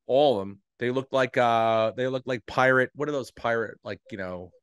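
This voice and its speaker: A middle-aged man, a podcast co-host, telling a long animated story in casual chat, swearing freely and acting out the voices of people in it. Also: mid-range voice, normal speed, smooth, dry recording, clean studio sound.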